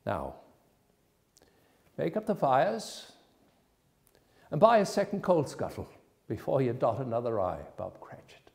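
A man playing an elderly reformed miser, full of warm glee and sometimes feigning his old gruffness, in a filmed one-man stage reading. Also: medium pitch, big pitch swings, a little slow, long pauses. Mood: warmly earnest. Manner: theatrical, feigns gruffness at times.

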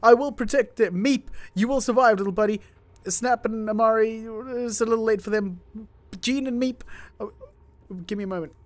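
A man commentating his first try at a game, panicking, laughing and yelling at his characters, then calming down to talk to viewers. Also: high voice, normal speed, no echo. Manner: calmer, chatty sign-off to viewers. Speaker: gaming YouTuber. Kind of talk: let's play commentary.

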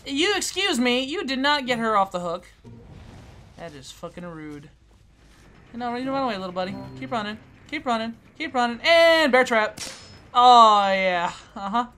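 A woman giving casual commentary on her own gameplay, playfully taunting the other players and swinging from quiet mutters to loud squeals. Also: on the high side, very animated, moderate pace, faint music behind. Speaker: gaming YouTuber.

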